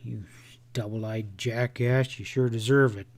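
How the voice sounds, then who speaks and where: A man playing a gruff, slow cowboy guide. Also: mid-range voice, a little mellow, natural voice. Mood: self-reproaching. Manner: growling frontier drawl, slow muttering. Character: gruff thick-set cowboy guide, patient but rough.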